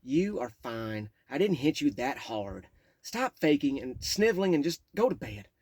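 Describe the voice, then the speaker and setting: A man voicing a drunk, angry mother who yells and scolds her son. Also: sing-song, a little slow, no echo. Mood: dismissive. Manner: shrill, yelling, accusing.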